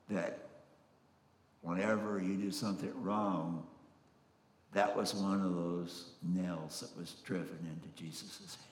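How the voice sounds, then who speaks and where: A man preaching a sermon in a slow, earnest, emphatic way, recorded in a church sanctuary. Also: low-pitched, fairly even intonation. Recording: echoey hall, roomy reverb.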